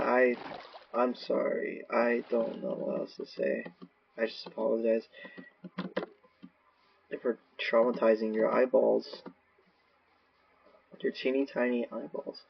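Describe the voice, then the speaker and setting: This gaming video creator rambles through solo gameplay commentary in a medium-pitched, creaky voice with a breathy edge. His behavior is erratic, and sudden scares set him shrieking and cursing. The cheap mic sounds dull and lo-fi with faint hiss but no room sound.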